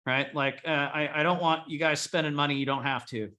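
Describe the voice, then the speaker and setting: A man's voice: on the high side, fairly even intonation, brisk, bright, forceful tone. A man coaching a group of remodelers in a blunt, profane style, rallying his listeners. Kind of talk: coaching talk to a live group.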